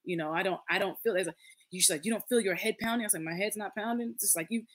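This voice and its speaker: A woman's voice: on the low side, very fast, a bit bright. A woman in her late thirties, a podcast guest, telling a personal story in casual conversation, earnest and acting out the voices of others. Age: late 30s.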